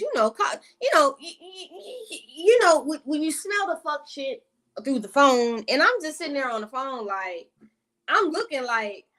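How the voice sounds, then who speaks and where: Woman vlogger, slightly high voice, rambling and profane storytime delivery full of asides. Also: sing-song, normal speed, sharp tone. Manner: profane, rambling, with side tangents to viewers. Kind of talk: casual storytime monologue.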